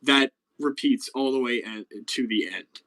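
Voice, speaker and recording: A man's voice: mid-range voice, measured pace, sharp tone, poor audio. A young man hosting a casual live stream chat, explaining things with lots of fillers and restarts. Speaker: podcast host.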